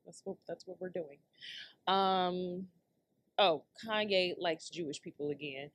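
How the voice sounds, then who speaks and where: A woman's voice: lowish voice, unhurried, no room sound. Woman doing a solo podcast rant, slangy AAVE, laughs a lot, dry close mic. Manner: chatty, laughs often, slangy and animated. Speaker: podcast host.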